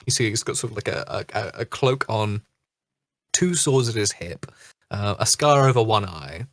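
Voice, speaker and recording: Relaxed hesitant dungeon master. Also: male voice, fairly low pitch, normal speed, dry recording, studio quality. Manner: relaxed, hesitant, many fillers. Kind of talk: narrating a tabletop game.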